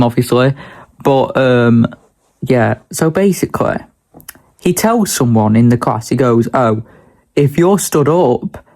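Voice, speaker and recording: A man's voice: medium pitch, warm tone. A young man, talking casually and bluntly in a daily vlog, ranting with a lot of swearing. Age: young adult. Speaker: vlogger.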